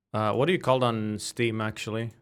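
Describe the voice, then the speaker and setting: Excitable swearing gamer streaming from home. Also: male voice, lowish voice, smooth. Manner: excitable, swears at the game, then talks softly on a call. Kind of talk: casual gaming stream chat.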